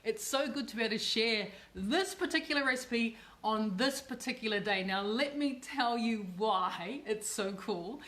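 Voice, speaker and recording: A woman's voice: fairly high pitch, moderate pace, hardly any pauses, fairly bright tone. Bubbly woman hosting a cooking stream. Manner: bubbly, effusive, repeats herself. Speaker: cooking show host. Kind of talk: chatty livestream cooking demo.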